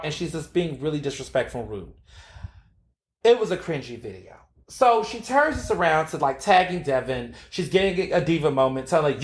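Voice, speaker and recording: A man hosts his own podcast, talking in a sassy, animated way with plenty of fillers and swearing. His voice sits a bit high. The room around him is noticeably echoey. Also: fairly quick. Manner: sassy, animated storytelling with frequent fillers and profanity. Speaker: podcast host. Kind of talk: casual opinion monologue.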